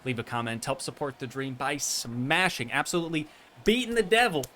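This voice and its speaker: A man's voice: mid-range voice, fairly quick, a little hiss or hum. A man streaming a park-building game, chatting casually and rambling along while tired at the end of a long stream. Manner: relaxed, rambling, self-amused.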